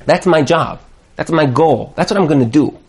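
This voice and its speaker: Rabbi type, male, high voice, animated class lecture, Yiddish words here and there. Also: moderate pace, gravelly, breathy edge. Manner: lively, acts out quoted voices, emphatic repetition; Hebrew and Yiddish words sprinkled in. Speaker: rabbi teaching a Torah class.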